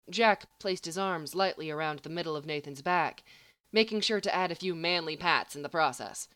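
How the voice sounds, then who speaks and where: A woman narrates a story with an expressive reading style. Her voice sits slightly low. The recording is dry and close, with no room sound. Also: normal speed, dry recording.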